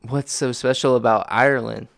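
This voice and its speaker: A man's voice: medium pitch, fairly even intonation, normal speed, creaky, a bit bright, no room sound. A young man co-hosting a podcast in loose, laughing casual chat, tipsy and full of playful questions. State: intoxicated. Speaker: podcast co-host.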